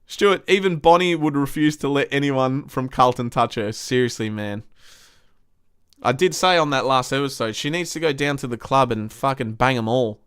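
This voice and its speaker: A man's voice: medium pitch, normal speed, a bit bright, smooth, no echo, studio quality. A young man hosting a live stream, reading viewer comments and ranting bluntly with lots of swearing. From Australia. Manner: blunt, swears a lot, frustrated.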